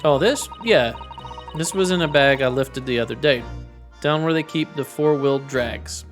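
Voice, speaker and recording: A man's voice: mid-range voice, normal speed, natural voice. Man reading as cocky young girl pickpocket, video game, plain unaccented read, faint game music. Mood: proud. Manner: read aloud in his own voice, no accent attempted.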